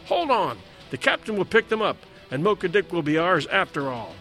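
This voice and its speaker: Man doing a whaling mate, bold, shouting orders, high-pitched, faint music behind. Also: expressive, moderate pace. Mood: commanding.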